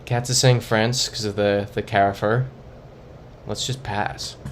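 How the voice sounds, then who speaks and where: A man's voice: fairly low pitch, fairly even intonation, measured pace, slight background noise. A young man streaming a geography guessing game, thinking aloud and reading chat messages in a casual, muttering way. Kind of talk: casual live-stream commentary.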